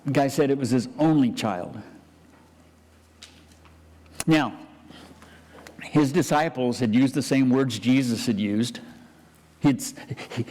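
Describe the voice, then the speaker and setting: Man, pastor, mid pitch, chatty sermon, restarts, echoing church hall. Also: slow, pauses often, dark tone. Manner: conversational preaching with frequent restarts.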